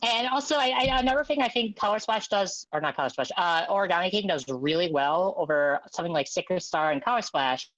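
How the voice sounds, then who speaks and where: Podcast guest, woman, lowish voice, hesitant casual chatter. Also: lively intonation, a little fast, few pauses, a bit bright, muffled recording. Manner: hesitant, many fillers and restarts, loses her train of thought. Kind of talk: casual chat.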